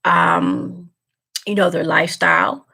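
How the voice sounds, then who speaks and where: A woman's voice: on the low side, steady tone, takes it slowly, gravelly, sharp tone, breathy edge. A woman vlogger talking straight to her viewers in casual chat, earnest and emotional, repeating herself as she goes. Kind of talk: casual direct-to-camera chat.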